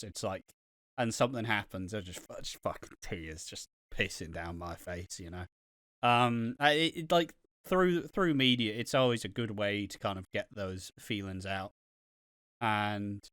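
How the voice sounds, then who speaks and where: A man's voice: on the low side, pushed and bright, no room sound, studio quality. A man co-hosting a casual podcast chat who rambles, swears freely and gets worked up retelling scenes. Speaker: podcast co-host.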